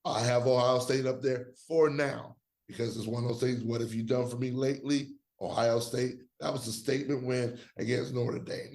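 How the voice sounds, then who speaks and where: A man's voice: medium pitch, vocal fry, darkish tone. A man co-hosting a sports podcast, giving his own college football rankings in emphatic, slangy, trash-talking casual chat.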